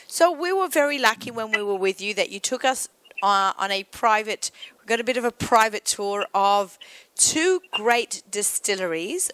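A woman's voice: medium pitch, fairly bright tone, no echo. A woman hosting an interview, chatting casually and enthusiastically with her guest. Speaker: podcast host.

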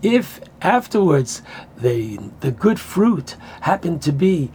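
Rabbi type, man, high-pitched, unhurried; earnest sermon delivery with Hebrew quotes. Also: big pitch swings, darkish tone, a little hiss or hum. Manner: earnest, explanatory, quotes Hebrew verses then translates. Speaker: rabbi teaching Torah. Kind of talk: Torah class sermon.

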